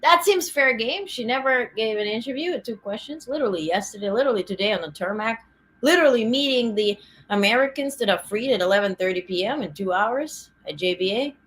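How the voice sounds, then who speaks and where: A woman's voice: medium pitch, fast talker, a little hiss or hum. A woman hosting a political news livestream, ranting indignantly and chatting with live viewers. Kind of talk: casual political commentary.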